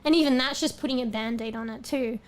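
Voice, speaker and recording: A woman's voice: fairly high pitch, fast talker. A woman streamer chatting casually with viewers. She rambles, swears often, and is losing her voice.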